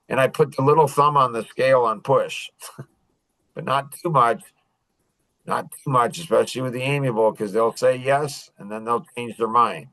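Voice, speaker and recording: Animated man coaching salespeople. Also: medium pitch, dry recording, low-quality recording. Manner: animated, acts out sales lines, frequent restarts. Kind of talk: casual teaching talk.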